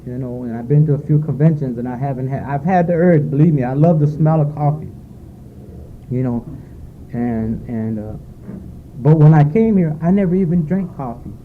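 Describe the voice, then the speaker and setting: A man's voice: on the high side, normal speed. Man giving a rambling, heartfelt recovery testimony on a tinny, faintly hissy tape. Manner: rambling, heartfelt, full of fillers. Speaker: speaker sharing at a recovery meeting. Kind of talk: personal testimony at a recovery meeting. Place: meeting room at a retreat. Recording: phone-like lo-fi tape with faint noise.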